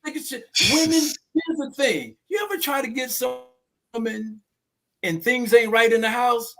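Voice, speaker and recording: Emphatic male counselor type with a high voice, lecturing a men's group. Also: animated, measured pace, a bit bright. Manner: emphatic, preachy, keeps checking in with listeners. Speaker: domestic violence class facilitator. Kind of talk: group discussion.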